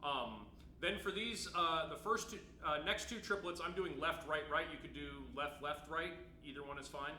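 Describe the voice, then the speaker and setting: A man's voice: fairly high pitch, moderate pace. A man giving a patient timpani lesson, explaining technique and checking in with his students as he plays. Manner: patient, explanatory, frequent "right?" check-ins. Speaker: percussion teacher. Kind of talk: instrument lesson demonstration. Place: room with timpani, roomy echo. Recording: roomy echo, faint noise.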